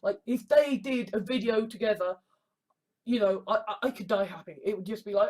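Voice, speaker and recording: This video essayist's voice sits high, with a brisk delivery and a darkish tone. Talking in a laid-back vlog monologue, he stutters constantly, says "I" again and again, and curses without restraint.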